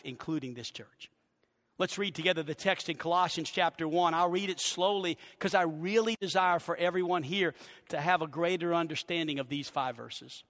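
A pastor with a Southern US accent preaching a sermon to his church, swinging between loud declarations and hushed emphasis. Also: high voice. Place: church sanctuary. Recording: long church hall reverb.

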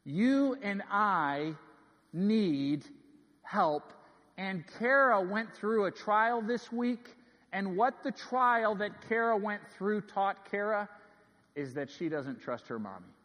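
A man in his thirties preaches with a high, bright-toned voice that carries through a large church sanctuary, and a long reverb trails each phrase. He tells stories earnestly, swinging from ringing emphasis to hushed asides. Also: animated, a little slow. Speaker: pastor. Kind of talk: sermon.

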